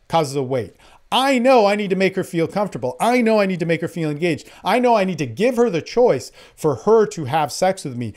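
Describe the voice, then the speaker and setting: A man's voice: a little high, darkish tone. Fired-up, cursing man ranting. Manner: angry, profane, rambling. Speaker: dating coach. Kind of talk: impassioned monologue.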